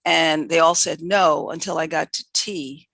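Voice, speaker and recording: An older woman from New York City, a veterinarian guest telling candid, animated stories from her career with lots of quoted dialogue. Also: sits low, a little slow, creaky, no echo. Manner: animated, self-correcting anecdotes with quoted dialogue. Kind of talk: candid conversational storytelling.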